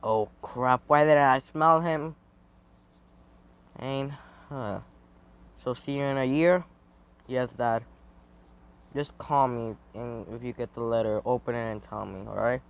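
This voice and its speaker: A man's voice: medium pitch, fairly even intonation, a little slow, creaky, long pauses, clear, resonant tone. A man telling an improvised fan story in a rambling, hesitant way, with many restarts, on a dull lo-fi recording.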